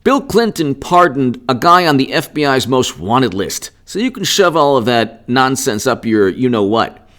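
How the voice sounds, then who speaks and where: A man's voice: mid-range voice, very animated, normal speed, a bit bright. Combative man ranting on politics. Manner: sarcastic. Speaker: political commentator. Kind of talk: unscripted political commentary.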